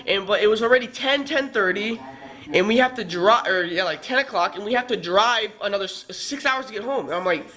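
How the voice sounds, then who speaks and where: A young man recounts a trip in a loose, rambling storytime vlog. His voice sits high and bright, and he swears and acts out the arguments with real heat. He sounds worn out. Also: a little fast. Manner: animated, swearing, reenacts heated arguments. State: tired. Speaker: vlogger.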